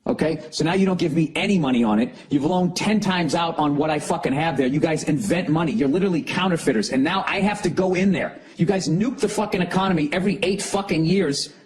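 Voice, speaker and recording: A man's voice: on the high side, quick pace, few pauses, crowd noise. A man hosting a solo comedy podcast, ranting in an exasperated, profane way. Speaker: podcast host.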